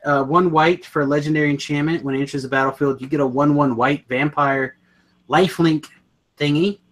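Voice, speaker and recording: A man's voice: a little high, steady tone, a little fast, a bit bright. Rambling, enthusiastic male podcast co-host. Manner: rambling, self-correcting, enthusiastic. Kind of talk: casual chat about card games.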